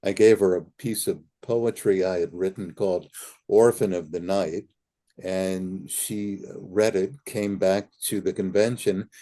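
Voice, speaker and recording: A man's voice: sits low, fairly even intonation, unhurried, mellow. An older man, an interview guest, earnestly telling anecdotes and acting out remembered conversations. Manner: earnest storyteller who acts out remembered dialogue. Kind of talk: reminiscing anecdotes.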